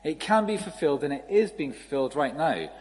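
A man preaching a sermon in a relaxed, conversational storytelling manner. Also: fairly high pitch, fairly quick. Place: church. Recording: reverberant hall, faint ambience.

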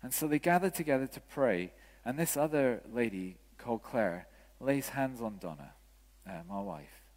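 A vicar telling a story in a sermon, quoting the people in it with animated voices. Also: male voice, mid-range voice, normal speed. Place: church. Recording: church hall with long reverb.

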